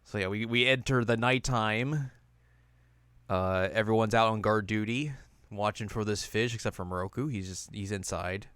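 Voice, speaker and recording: A young man hosts a casual chat show, recapping an episode with animation and acting out characters' lines in silly voices. His fairly low voice is clear and resonant, at a normal speed, with no room sound.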